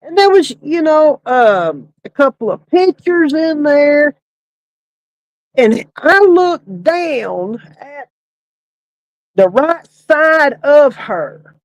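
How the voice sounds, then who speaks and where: A woman's voice: high voice, very animated, extremely slow, no echo, dull audio. A woman casually telling a funeral home story, often breaking into laughter. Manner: laughing, Southern-style folksy storytelling.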